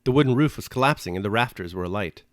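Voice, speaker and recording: A man with a low voice reads a classic novel aloud at a measured pace, giving each sentence an expressive lift. The recording is close and dry, with no room echo. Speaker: reader and commentator. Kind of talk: audiobook reading and reflection.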